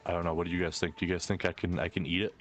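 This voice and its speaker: Male player, low voice, easygoing and wisecracking. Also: flat delivery, racing, faint music behind. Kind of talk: casual tabletop play.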